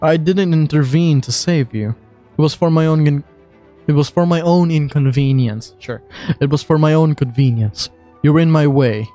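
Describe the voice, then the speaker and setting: A man voicing a serious, stern young nobleman from a game, pushing his voice lower and speaking curtly. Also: moderate pace, mellow, faint music behind, close to an everyday voice. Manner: curt, cold, forced deep voice. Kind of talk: reading game dialogue aloud.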